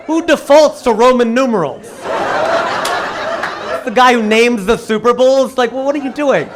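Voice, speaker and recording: High-voiced man doing stand-up. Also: moderate pace, noisy background. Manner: animated storytelling with sudden jumps in pitch and volume. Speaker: stand-up comedian. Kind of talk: stand-up comedy set. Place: comedy club stage with live audience.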